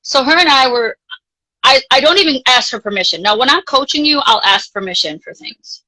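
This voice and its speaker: Bright-voiced woman telling a spiritual story. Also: high-pitched, brisk, poor audio. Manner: chatty, animated, frequent filler "like", casually profane. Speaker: guest, life coach. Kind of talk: casual storytelling in a live interview.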